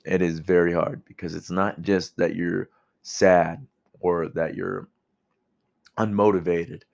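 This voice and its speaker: A man's voice: sits low, level tone, takes it slowly, creaky. Blunt, profane young man talking. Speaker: vlogger. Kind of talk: casual motivational monologue.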